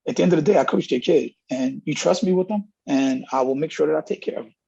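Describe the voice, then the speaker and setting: A fairly high, fast, creaky voice with a warm tone and slight roughness belongs to a middle-aged college running backs coach being interviewed. He candidly spins stories, earnestly performing lots of dialogue, on dull lo-fi audio.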